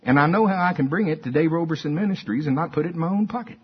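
Husky older preacher man. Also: on the high side, very fast. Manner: folksy, conversational preaching with repetition and call-and-response. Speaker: pastor. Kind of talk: sermon. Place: church. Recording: dull lo-fi sermon recording.

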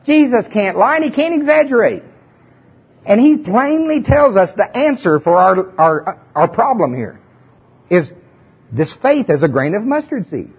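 A man's voice: high voice, big pitch swings, normal speed, husky. A male preacher giving a sermon in a conversational, emphatic way, often putting questions to his listeners. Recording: dull lo-fi recording.

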